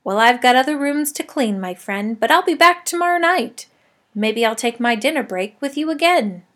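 A woman's voice: high-pitched, lively intonation, normal speed, fairly bright tone. A woman voicing a cheerful, chatty middle-aged male night janitor who jokes and talks kindly to a class pet. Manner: chatty, joking, friendly.

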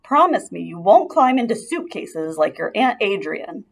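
A woman's voice: mid-range voice, big pitch swings, normal speed, gravelly. A woman voicing an anxious mother mouse who pleads and cries out in alarm, reading a storybook aloud. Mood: pleading, alarmed.

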